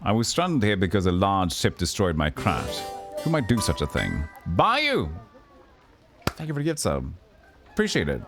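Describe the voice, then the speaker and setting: A low-pitched man reads a role-playing game aloud on his stream, his voice swinging widely from line to line. He raises it for the characters, drops back for narration and stumbles over words now and then. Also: huge pitch swings, fairly quick, soft background music. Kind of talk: reading game dialogue aloud on a livestream.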